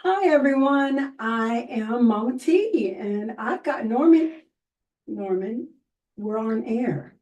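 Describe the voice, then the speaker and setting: A woman hosts a children's program, speaking to the young viewers in a high voice and at an unhurried pace. She is animated and exclaims often, and her voice sits a little back from the microphone. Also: distant mic, lo-fi sound. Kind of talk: children's show presenting.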